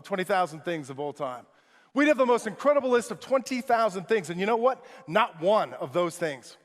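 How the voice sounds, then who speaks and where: A motivational speaker, a man with a high voice, delivers an energetic, emphatic keynote in a large conference room. The sound echoes around the big hall.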